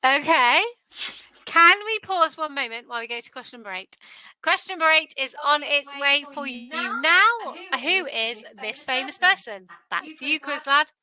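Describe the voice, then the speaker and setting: A woman's voice: high-pitched, animated, normal speed, bright, forceful tone, poor audio. A tired woman hosting a live quiz, chatty and self-deprecating. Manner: chatty, self-deprecating, sing-song repetition. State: tired, yawning. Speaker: quiz host. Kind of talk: casual quiz livestream chat.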